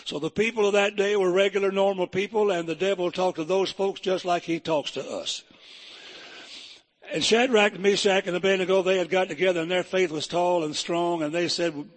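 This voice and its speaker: A man's voice: sits high, normal speed. A man preaching a folksy, humorous sermon built around stories.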